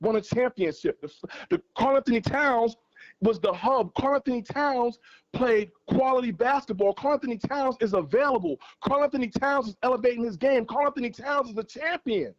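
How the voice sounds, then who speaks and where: A man's voice: extremely high pitch, a little fast, lo-fi sound. A man calling in to a sports show, arguing passionately and hammering his points through repetition. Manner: passionate, argumentative, repeats points for emphasis. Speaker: guest caller on a fan livestream. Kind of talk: heated sports debate.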